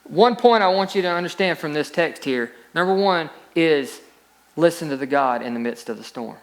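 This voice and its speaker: A man's voice: fairly high pitch, animated, moderate pace. A male pastor preaching a sermon, reading scripture aloud and rising into emphatic peaks.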